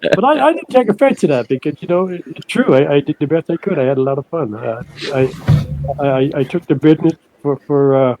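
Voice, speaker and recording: An older man, a guest on an interview podcast, telling stories in a halting way that repeats words, and he puts on higher voices for the people he quotes. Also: animated, darkish tone, low-quality recording. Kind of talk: casual storytelling interview.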